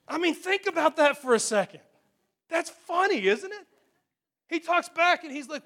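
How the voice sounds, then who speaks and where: High-voiced, animated preaching man. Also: moderate pace. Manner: animated, storytelling, joking. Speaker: pastor. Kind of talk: sermon.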